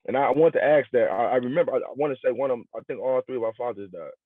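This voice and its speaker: A man's voice: mid-range voice, very fast, dry recording. Blunt profane man, tinny dry sound. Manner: blunt, profane, emphatic, slangy. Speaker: podcast co-host. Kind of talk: casual chat.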